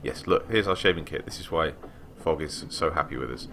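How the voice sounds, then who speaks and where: A young man giving casual commentary while playing a story game, animated with wry asides. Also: a bass voice, fairly quick, slight background noise. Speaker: let's player.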